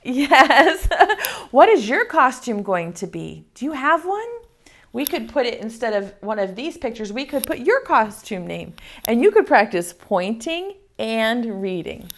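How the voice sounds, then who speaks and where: A young adult woman teaching an online preschool circle time lesson, slow and sing-song with playful giggles. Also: on the high side, big pitch swings.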